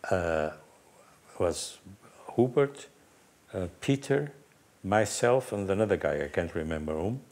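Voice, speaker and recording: A middle-aged man with a slightly low voice tells a racing story to friends around a table. He acts out the lines of the people in his tale and breaks into laughs now and then, in an easy, chatty way. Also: a little slow, pauses often. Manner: lively anecdote-telling, acting out quotes, laughing often. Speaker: team manager. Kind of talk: casual storytelling on a panel.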